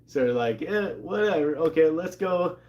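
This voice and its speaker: Male host, fairly high voice, lively casual comic recap. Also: normal speed, lo-fi sound. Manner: animated, acts out quotes in excited higher voices. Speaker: comic book show host.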